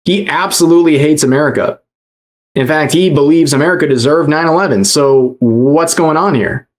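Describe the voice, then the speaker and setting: A man's voice: fairly high pitch, normal speed. Young male streamer host, mocking and sarcastic reaction commentary.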